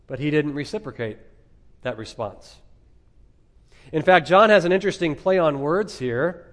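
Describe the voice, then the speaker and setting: Emphatic preacher with higher pitch. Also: male voice, animated. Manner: emphatic preaching with dramatic pauses and rhetorical questions. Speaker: pastor. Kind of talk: expository sermon.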